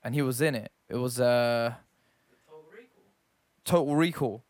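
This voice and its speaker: Animated young man riffing with friends on a podcast, full of slang and quick opinions. His voice sits at a middle pitch and is recorded close and dry, with no room sound. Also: no echo. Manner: animated, chatty, uses slang. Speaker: podcast co-host. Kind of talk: casual chat.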